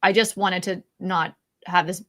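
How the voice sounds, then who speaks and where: A woman's voice: fairly low pitch, fairly even intonation, unhurried, fairly bright tone. A woman co-hosting a casual live-stream chat, speaking candidly, laughing often and restarting her sentences. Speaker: podcast co-host.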